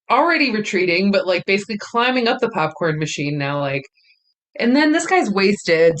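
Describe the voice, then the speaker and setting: A woman's voice: mid-range voice, fairly bright tone. A woman comedian, a podcast guest, telling a story in a casual, rambling way full of "like". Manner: rambling, many "like" fillers.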